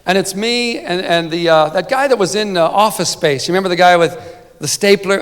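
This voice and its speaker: Higher-voiced man telling jokes at a banquet podium. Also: brisk, fairly bright tone, clean tone. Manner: chatty comic storytelling, frequent "right?" asides. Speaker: sportswriter giving an award speech. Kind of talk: humorous banquet speech. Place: banquet hall. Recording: long banquet-hall reverb.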